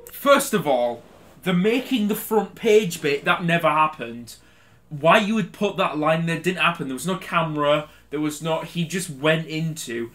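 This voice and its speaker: A man's voice: fairly high pitch, a bit bright. A young man casually commentating on a game he is playing, ranting, swearing and laughing often. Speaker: game reaction host.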